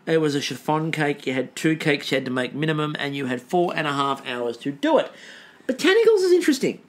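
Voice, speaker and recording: A man's voice: on the high side, very animated, fairly quick. A man co-hosting a podcast, recapping a baking show in casual chat full of ums. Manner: rambling recap with frequent ums. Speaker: podcast co-host.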